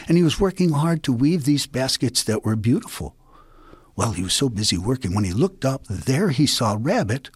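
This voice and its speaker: Hushed, playful male storyteller. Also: medium pitch, breathy edge, no echo. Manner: hushed, playful, dropping to whispers. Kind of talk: folk tale storytelling.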